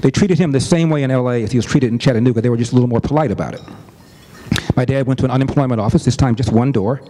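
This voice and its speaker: A middle-aged man telling a family story as a commentator, earnest and deliberate, stressing points with repetition. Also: mid-range voice, dark tone. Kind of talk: storytelling speech.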